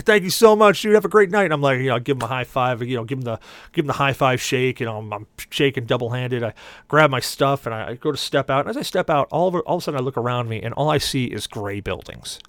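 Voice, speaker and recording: Speaking in a medium-pitched voice, a man on a podcast panel spins a lengthy comic tale and animatedly performs each character's voice. The sound is dry.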